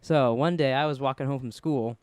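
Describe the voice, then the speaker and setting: A man's voice: medium pitch, a little fast, darkish tone, clean tone, no room sound. A young man co-hosting a podcast, rambling through stories in casual chat, acting out quotes and swearing often. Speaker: podcast co-host.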